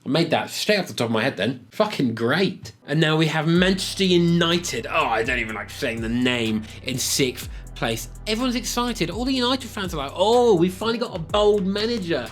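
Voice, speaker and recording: A man's voice: fairly high pitch, very animated, normal speed, few pauses, fairly bright tone, soft background music. A young man giving blunt, sarcastic football predictions as a video host.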